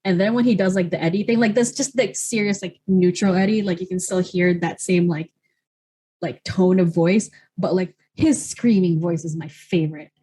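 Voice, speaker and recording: A young woman hosting a casual podcast chat, animated and swearing, acting out quoted lines as she goes. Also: fairly low pitch, normal speed, slight background noise. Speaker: podcast host.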